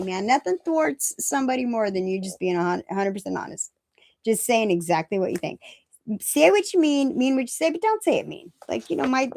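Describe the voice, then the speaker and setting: In a casual live-stream, a fifty-something woman hosting a recovery meeting talks bluntly and pokes fun at herself, repeating phrases for emphasis and laughing at her own jokes. Her voice is slightly high and creaky. The studio recording is clean, with no room sound.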